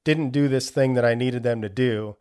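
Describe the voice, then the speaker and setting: A man's voice: mid-range voice, normal speed, darkish tone, smooth. A man hosting a podcast in a casual solo talk, candid and reflective, swearing freely and thinking aloud with frequent restarts. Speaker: podcast host.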